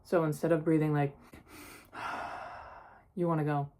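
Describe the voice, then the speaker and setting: Speaking fast in a low, dark voice with a flat delivery, a young woman vlogs casually about something she went through. She's chatty and sprinkles in lots of "like."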